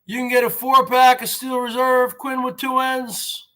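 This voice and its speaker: A man's voice: extremely high pitch, monotone, measured pace, pushed and bright. A man in his forties, vlogging from home in a rambling, mocking rant, tacking "man" onto his lines. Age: 40s. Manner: repetitive, drawls "man" at line ends. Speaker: vlogger host.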